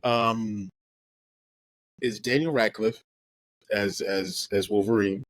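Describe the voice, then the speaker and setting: Excitable stammering man in geek chat. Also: slow pace, no room sound, poor audio. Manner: excitable, stammers and restarts, jumps high when animated. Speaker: podcast host. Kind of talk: casual geeky chat.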